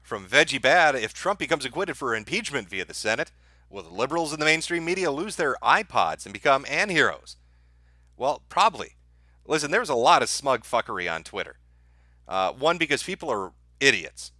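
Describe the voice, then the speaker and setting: Sarcastic guy ranting on his stream, swears a lot, bright punchy voice, mid pitch. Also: very animated, normal speed, no echo, clean studio sound. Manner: sarcastic, profane, laughing at his own jokes. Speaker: livestream host. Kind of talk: livestream rant reading super chats.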